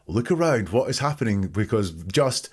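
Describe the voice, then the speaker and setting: A man's voice: medium pitch, lively intonation, moderate pace, a little mellow, husky. A man hosting a podcast, methodically picking apart the wording in another person's statements. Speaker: podcast host. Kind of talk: analytical commentary.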